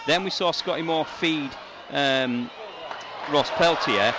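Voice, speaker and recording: A man giving live radio commentary on a rugby league match, his voice rising into shouts on attacking plays. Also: fairly high pitch, slow pace. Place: stadium commentary position. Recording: outdoor stadium with loud crowd and noise.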